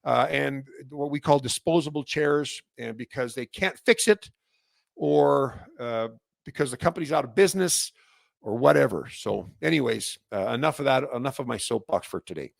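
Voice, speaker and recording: Canadian man, host, gravelly, dry close sound, rambling with fillers, gets animated. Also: medium pitch, normal speed, no room sound. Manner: rambling, many restarts and fillers; gets animated and louder when fired up. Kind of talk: casual solo update.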